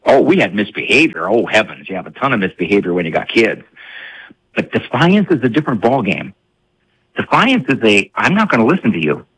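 A man in his sixties, a psychologist and author, talking as a guest on a radio interview and telling stories with lively voices for parents and kids. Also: lowish voice, brisk, husky, rough recording. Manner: animated storyteller, acting out parents and kids.

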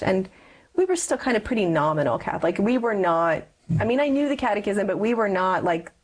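A woman's voice: on the low side, low-quality recording. A woman in her forties giving a personal testimony in an interview, earnestly telling her story and acting out past conversations. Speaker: guest.

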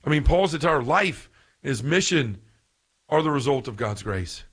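A man giving an earnest, impassioned scripture talk who gets so excited that he stumbles over his words. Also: medium pitch, a little slow, breathy edge. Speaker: Catholic podcast speaker.

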